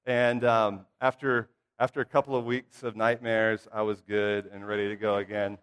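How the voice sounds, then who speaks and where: A middle-aged man preaching a sermon to his congregation, telling childhood stories in a folksy, humorous way with lively asides. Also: on the low side, moderate pace, smooth. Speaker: pastor or church minister. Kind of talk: casual storytelling sermon. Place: church sanctuary. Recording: long hall reverb.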